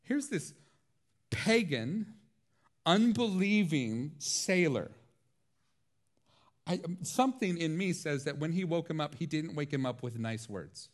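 Animated storytelling male preacher. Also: a little high, slow, pauses often. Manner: animated storytelling with frequent laughs. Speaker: pastor. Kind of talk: sermon.

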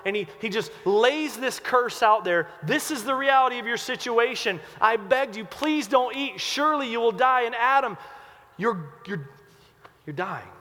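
At normal speed and with a very high-pitched, animated voice, a male pastor preaches with emphasis, moving from loud urgency to hushed quiet. The recording has a long reverb tail.

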